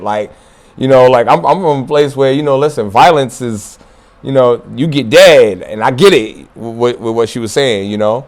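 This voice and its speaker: A man of medium pitch talks at normal speed to viewers of his martial arts channel. It's a casual, profane solo monologue in which he chuckles and keeps repeating points to stress them.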